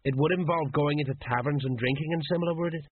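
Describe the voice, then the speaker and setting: A sly, drink-loving middle-aged sergeant, as a man reads him in a storybook, with a knowing, sly delivery. The tone is very husky. It is dry and sounds narrow, like a phone line. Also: on the high side, lively intonation, moderate pace, no echo.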